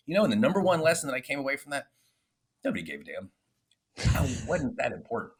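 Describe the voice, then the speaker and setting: A man who is a guest on a podcast, telling stories from his own experience in a candid, animated way. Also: mid-range voice, fast talker, pauses often, breathy edge. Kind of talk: casual interview storytelling.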